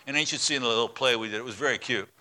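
A man's voice: medium pitch, rapid-fire, bright, forceful tone. A man preaching a sermon as a pastor, telling a story and acting out its voices.

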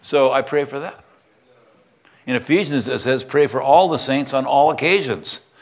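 An older man giving a sermon and leading spoken prayer, earnest and often dropping to a hushed voice. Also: mid-range voice, moderate pace. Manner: earnest, drops to a soft hush when praying. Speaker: pastor.

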